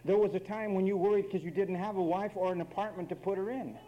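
A man's voice: high voice, fairly even intonation, quick pace, lo-fi sound, a little hiss or hum. A man preaching a sermon, emphatic and wry, speaking straight to the men and women of his congregation.

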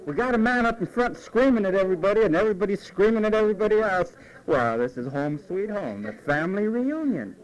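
A man with a high voice preaches as pastor in a conversational sermon, animatedly acting out quoted voices as he goes. The recording is low quality.

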